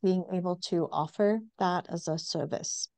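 A middle-aged woman from northeast England with a softened northern English accent, explaining things in a measured way with many ums as an interview guest. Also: fairly low pitch, no room sound. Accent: northern English, softened by decades in the US. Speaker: guest, women's health company founder. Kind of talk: interview conversation.

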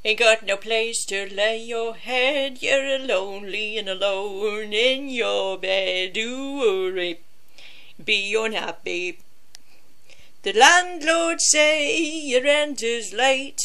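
Gloomy self-pitying toy cat, voiced by a woman, slow mournful comic crooning, very bright tone. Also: a little high, exaggerated voice. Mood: glum. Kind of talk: comic song parody.

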